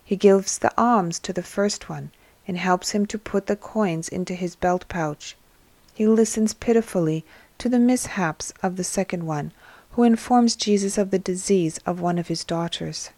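A woman narrating a devotional story in a steady, measured reading voice. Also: on the low side, no room sound.

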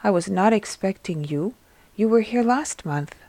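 A frail, bedridden shepherd man , as a woman reads him in a devotional storybook. His lines are slow and plaintive, recorded dry and close. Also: medium pitch, animated, dark tone, no room sound. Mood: eager.

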